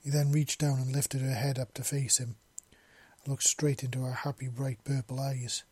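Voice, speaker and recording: A man reads a romance story aloud as an amateur narrator, making small slips and restarts. His mid-range voice is a little mellow and husky, with little pitch movement and a moderate pace, and there's no room sound.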